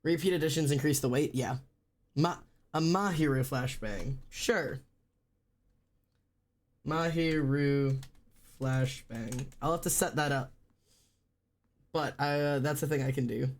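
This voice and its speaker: A man with a sore throat, chatting casually on a livestream while he draws, rambling and swearing freely in a deliberately low-energy way.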